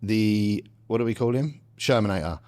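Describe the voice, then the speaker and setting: A young man, co-hosting a casual podcast and swearing freely in quick banter. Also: fairly low pitch, darkish tone. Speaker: podcast co-host.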